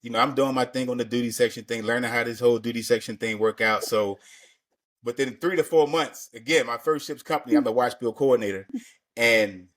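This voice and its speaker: A man's voice: medium pitch, fairly quick, a bit bright. Laid-back slangy male podcast host. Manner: laid-back, slangy, repeats words while thinking. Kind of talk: casual interview chat.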